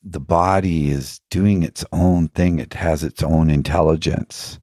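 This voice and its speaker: Deep, husky man, musing earnestly. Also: fairly even intonation, measured pace, dark tone, no room sound, studio quality. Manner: earnest, musing, with frequent rhetorical questions; laughs now and then while telling stories. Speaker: podcast guest. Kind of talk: reflective spiritual storytelling.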